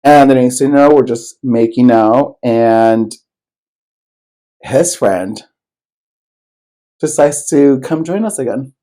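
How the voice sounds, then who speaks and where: A man co-hosting a podcast, drawling through a personal story at an unhurried pace, his pitch sitting in a middle range. He rambles, circles back, swears freely and leans on plenty of fillers. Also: dark tone, low-quality recording. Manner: loose and rambling, heavy swearing, many fillers. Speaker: podcast co-host. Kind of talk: casual storytelling chat.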